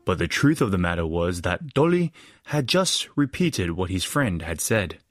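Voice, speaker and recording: Male radio host-narrator, low and animated, with light music behind. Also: normal speed, dry recording, studio quality. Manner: expressive, wide-ranging reading. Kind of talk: scripted storybook narration.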